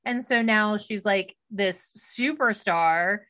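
A middle-aged woman co-hosting a podcast, chatting casually and telling animated stories with bursts of laughter. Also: medium pitch, takes it slowly. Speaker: podcast co-host. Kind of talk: casual chat.

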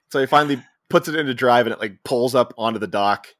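A man co-hosting a podcast, recapping a comedy scene by scene and acting out characters' lines in quick put-on voices. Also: medium pitch, a bit bright, no echo, clean studio sound. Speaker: podcast co-host. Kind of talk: casual movie recap chat.

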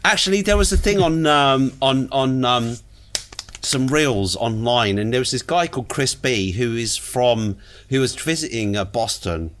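A man's voice: mid-range voice, unhurried, fairly bright tone. A man from Finland co-hosting a casual radio chat, talking in a rambling, hesitant way with many fillers. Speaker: co-host.

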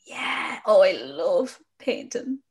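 A young woman with an Irish accent talks in a relaxed podcast chat, her voice sitting at an ordinary middle pitch. She sounds playful and enthusiastic, full of fond asides. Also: slow. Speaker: podcast co-host. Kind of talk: casual chat.

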